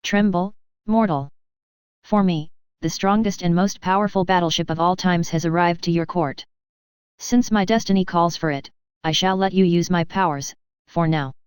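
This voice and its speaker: A woman's voice: lowish voice, moderate pace, clean tone, no echo, close to an everyday voice. A woman reading character lines as a theatrical young woman who poses as a fire demon, speaking in a grandiose, archaic, self-important way. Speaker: audiobook reader.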